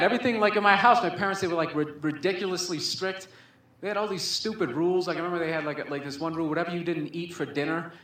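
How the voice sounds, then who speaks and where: A man's voice: a little high, a bit bright, a little hiss or hum. A man doing stand-up storytelling, rambling with constant filler words and swearing, on a comedy club stage. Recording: echoey room with faint ambience.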